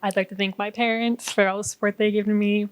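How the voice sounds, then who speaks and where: A young woman giving a calm, matter-of-fact thank-you speech. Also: mid-range voice, fast, slight background noise. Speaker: outgoing court member giving a farewell speech.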